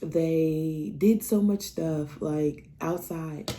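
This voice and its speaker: Female vlogger from Nebraska, low dark voice, casual storytelling with lively asides. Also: extremely slow, a little hiss or hum. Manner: chatty, laughs while telling, animated asides.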